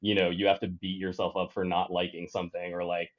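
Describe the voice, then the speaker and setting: A man's voice: deep voice, completely flat delivery, quick pace, highs cut off. A man co-hosting a casual chat, thoughtful, with stammering restarts. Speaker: podcast co-host.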